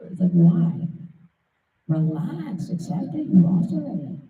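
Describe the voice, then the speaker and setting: A man's voice: high voice, sing-song, unhurried, far from the mic, a little hiss or hum. Rambling profane man on a tinny line. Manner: rambling, profane, restless, repeats himself. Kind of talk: rambling monologue. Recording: tinny phone-like sound, roomy, off-mic.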